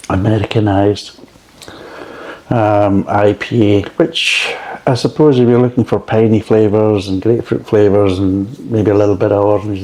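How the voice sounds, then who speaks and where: With a lowish, warm voice, a man reviews beer in a casual, rambling style. He swears freely and keeps drifting off into tangents.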